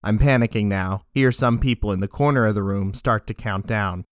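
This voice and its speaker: A man reading dark fiction aloud in a flat, deadpan first-person narration. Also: fairly low pitch, moderate pace, clean tone, no echo, clean studio sound. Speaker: story narrator.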